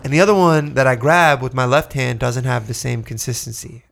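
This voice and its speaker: A young man telling a story in casual chat, excitable, swearing often and laughing as he talks. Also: mid-range voice, a little fast, creaky.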